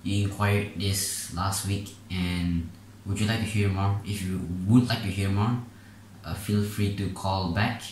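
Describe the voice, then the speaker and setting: Low-voiced man in a comedy sketch. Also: steady tone, a little slow, very echoey, background noise. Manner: plays a phone salesman and the prank customers. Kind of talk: comedy sketch playing all parts.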